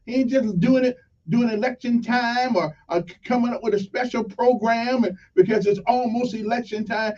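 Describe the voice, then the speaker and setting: A man hosting a morning radio talk show, rambling casually through shout-outs to local crews. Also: very high-pitched, far from the mic. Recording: dull lo-fi sound, slightly off-mic.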